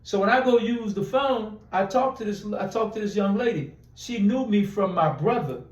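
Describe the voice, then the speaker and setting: A man's voice: sits high, normal speed, reverberant, far from the mic, low-quality recording. A man telling a long personal story in a casual interview, rambling with restarts and acting out quoted dialogue. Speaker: interview guest.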